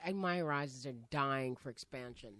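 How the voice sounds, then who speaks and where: Low-voiced skeptical woman. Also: moderate pace, a bit bright, dry recording. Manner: questioning, skeptical. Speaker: podcast co-host. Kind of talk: casual chat.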